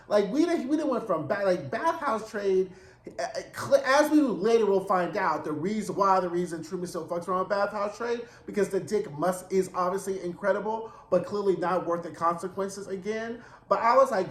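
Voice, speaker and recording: A man recapping a TV episode in a casual monologue, animated, campy and profane in his storytelling. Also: high voice, moderate pace, roomy sound. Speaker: TV recap reviewer.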